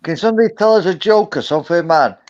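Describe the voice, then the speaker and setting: A man's voice: high voice, fast, a little mellow, lo-fi sound. A tipsy man calling into a casual chat who rambles in a loose, friendly way. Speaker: caller.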